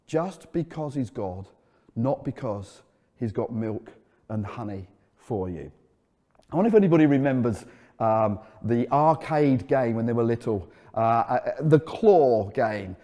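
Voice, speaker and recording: A middle-aged man preaching a sermon as a pastor, telling stories and dropping into a soft, earnest tone. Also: medium pitch. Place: church. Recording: echoey hall. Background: long hall reverb.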